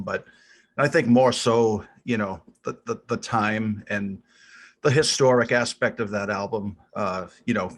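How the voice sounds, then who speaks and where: Low-voiced Boston man, hesitant. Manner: hesitant, many ums, thinking aloud. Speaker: podcast co-host. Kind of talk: casual chat about music.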